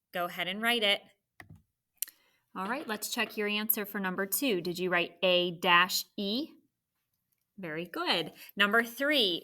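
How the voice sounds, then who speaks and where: A woman teacher leading a recorded dictation exercise for third graders, giving clear step-by-step instructions. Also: mid-range voice, bright, forceful tone.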